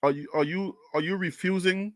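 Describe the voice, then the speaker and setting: A man with a Liberian English accent on a sports live stream, answering chat comments in an animated, exasperated way and repeating his questions. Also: high voice, moderate pace, no echo, studio quality.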